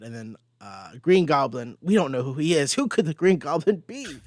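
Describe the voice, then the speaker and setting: A man hosting a casual comic book discussion, recapping pages with animated delivery and quick quoted lines. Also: medium pitch, dry recording, studio quality. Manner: animated recapping, quoting characters in passing. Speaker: host.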